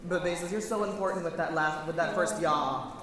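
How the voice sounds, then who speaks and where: Guy running choir practice, high voice, talks through the score in detail, big echoey hall. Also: steady tone, normal speed, a crowd in the background. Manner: chatty, detailed, self-correcting. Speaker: choir director. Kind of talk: choir rehearsal instruction. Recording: echoey hall, faint noise.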